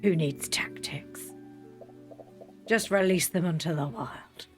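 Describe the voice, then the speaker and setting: A woman voicing a secretive, dismissive male king in a low, hushed voice during a game video. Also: takes it slowly, faint music behind. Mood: sly.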